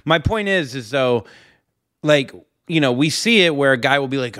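A man's voice: medium pitch, expressive, normal speed, fairly bright tone, dry recording, studio quality. A man co-hosting a podcast, chatting casually and asking teasing questions. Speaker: podcast co-host. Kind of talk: casual chat.

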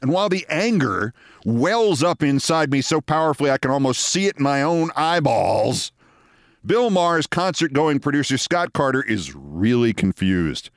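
A man in his sixties, a host telling a long story in a wry, deliberate way. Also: medium pitch, very animated, dry recording, clean studio sound. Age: 60s. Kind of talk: storytelling monologue.

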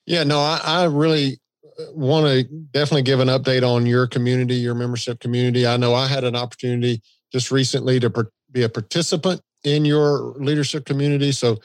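A man's voice: mid-range voice, little pitch movement, no echo. A man with a Southern American accent co-hosting a podcast, chatting in an easygoing, agreeable way. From Southern United States. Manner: easygoing, agreeable, quick to laugh. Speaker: podcast co-host. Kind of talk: casual podcast chat.

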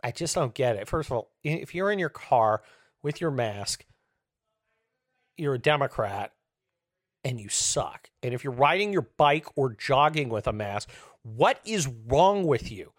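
A man's voice: medium pitch, big pitch swings, unhurried, dry recording, studio quality. Profane, sarcastic man in his fifties ranting. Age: 50s. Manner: profane, sarcastic, swinging between loud outbursts and muttering. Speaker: host. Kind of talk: comedic political rant.

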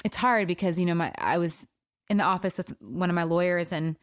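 A woman hosting her own podcast alone, speaking in an emotional, subdued way, halting, with many fillers and restarts. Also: on the low side, dry recording, clean studio sound. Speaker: podcast host. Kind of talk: personal solo podcast talk.

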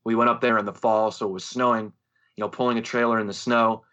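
A man on a podcast telling a story in a lively, casual way, swearing and acting out what others said. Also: on the low side, quick pace, highs cut off. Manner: animated storyteller, swears freely, acts out quoted voices. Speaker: podcast co-host, musician.

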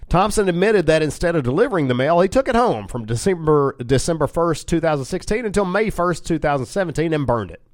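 A man hosting a comic news podcast, reading headlines and tossing in chatty asides while groggy from cold medicine. His pitch is mid-range but bounces around a lot. The sound is close and dry. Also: sing-song, quick pace, few pauses, no echo. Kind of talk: casual comic news chat.

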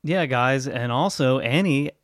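A man's voice: mid-range voice, a little slow, no echo, studio quality. A man hosting a podcast in casual, playful banter with his co-host.

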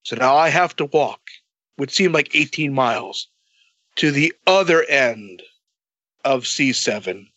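A man telling a long story in a casual, animated way, swearing a lot and acting out both sides of the dialogue. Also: mid-range voice, a little slow, long pauses, no echo, dull audio.

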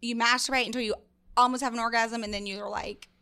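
A woman guesting on a podcast, blunt and candid in casual chat. Her voice is bright and forceful and sits a little high for a woman. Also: fairly even intonation, quick pace, clean tone.

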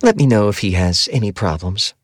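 A man voicing a brisk, matter-of-fact woman nurse, close to his own deep voice. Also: lively intonation, no echo.

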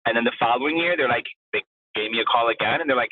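A man who is a drag performer, a guest telling his story in a casual interview, animated and acting out the voices of the people he quotes. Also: medium pitch, fairly quick, no echo. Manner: animated, acts out quoted voices, says "blah, blah, blah". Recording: tinny phone-line sound, husky and dry.

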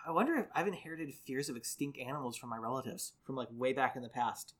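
A woman's voice: a bass voice, animated, fast talker. A woman co-hosting a podcast who keeps interjecting with jokes and wisecracks in casual banter. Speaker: podcast co-host.

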